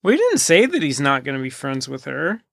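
Gravelly man in casual chat. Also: mid-range voice, huge pitch swings, moderate pace, a bit bright, no room sound. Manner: casual, argumentative, laughs easily. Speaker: podcast co-host.

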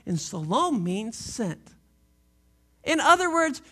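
A pastor preaching a sermon in a casual, animated way, full of slang and playful asides. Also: high-pitched, moderate pace. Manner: animated, conversational storytelling with slang; shifts into a quiet, reflective tone late on.

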